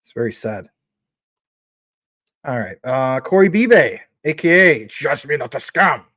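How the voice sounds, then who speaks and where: Reading viewers' super chats aloud and thanking them, this man in his 40s hosts a crypto stream in a loose, filler-heavy ramble. His mid-range voice is a little slow, sharp in tone and lively in intonation, with no room sound.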